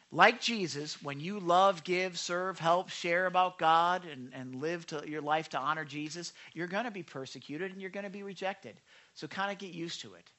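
A man preaching a conversational sermon, asking the congregation questions and acting out quoted lines. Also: high-pitched. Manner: acts out quoted lines with lively voices. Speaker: pastor.

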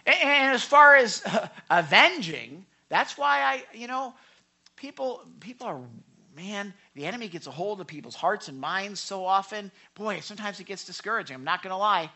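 High, bright-voiced male pastor preaching. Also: animated, moderate pace, gravelly. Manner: emphatic, swings between loud and hushed. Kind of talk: sermon.

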